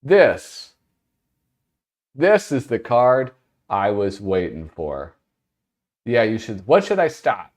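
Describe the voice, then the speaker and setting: A man hosts a casual livestream in a slow, unhurried way. His voice sits fairly low but rises and falls widely. He rambles, restarts his sentences and laughs in the middle of them. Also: big pitch swings. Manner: rambling, self-interrupting, laughs while talking. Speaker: host.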